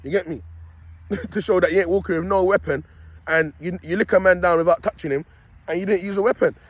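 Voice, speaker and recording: A young man, fairly quick and high-voiced, walks his dog outdoors and films himself on his phone. There's no room sound as this would-be prophet vlogger rambles and preaches, peppering his talk with "you get me" and "people."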